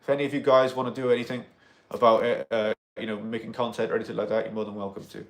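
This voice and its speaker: A man's voice: mid-range voice, flat delivery, rapid-fire. A man hosting a casual livestream, rambling with many fillers and greeting viewers by name. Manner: rambling, full of "you know" fillers. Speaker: livestream host.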